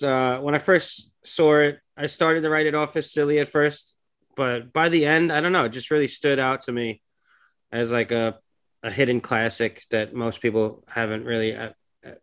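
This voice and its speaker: A man's voice: mid-range voice, a bit bright. Hesitant man sharing a movie opinion. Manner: hesitant, many fillers and restarts. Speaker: podcast co-host. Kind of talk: casual chat.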